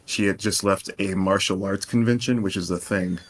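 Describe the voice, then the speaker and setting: A man with a very low voice tells a story on a casual livestream. He rambles, circles back and piles on fillers. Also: steady tone, moderate pace. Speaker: guest.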